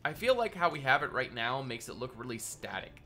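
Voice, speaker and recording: A man's voice: medium pitch, big pitch swings, a little fast, sharp tone. A man live-streaming a building session, chatting casually with viewers and greeting them by name, his voice nasal and congested from a cold.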